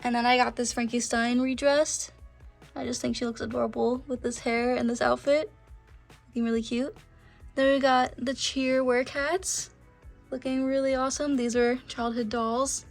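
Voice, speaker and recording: Young woman gushing in a casual vlog, kinda high voice, faint music behind. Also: flat delivery, moderate pace, vocal fry. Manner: gushing, lots of filler "like". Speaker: vlogger, doll collector. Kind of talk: casual show-and-tell chat.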